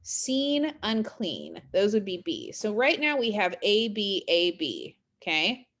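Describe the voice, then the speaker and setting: A woman with a medium-pitched, fairly bright voice and huge pitch swings leads a recorded college English lecture. Conversational and peppered with fillers and check-in questions, she explains literary terms, then reads poems aloud slowly.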